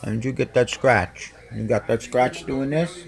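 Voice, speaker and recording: Indoors at home, a man speaks lovingly and casually to his cats while filming them on his phone. His gravelly voice is medium in pitch, fairly even in intonation, and at normal speed.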